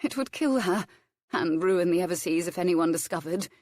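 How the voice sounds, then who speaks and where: A woman's voice: lowish voice, expressive, moderate pace, a little mellow, dry recording. Woman narrator playing a tense, eager young lady for an audiobook, lifted voice, dry close sound. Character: spirited young noblewoman, nervous and eager. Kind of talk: audiobook character reading.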